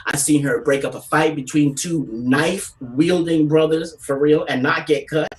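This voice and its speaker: A woman's voice: low voice, normal speed, distant mic, poor audio. Brash, profane woman stand-up comedian. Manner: animated storytelling, brash and profane.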